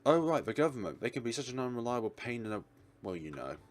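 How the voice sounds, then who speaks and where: A man's voice: medium pitch, very animated, fast, lightly acted. A man voicing a smug, chatty adult man who complains about the government.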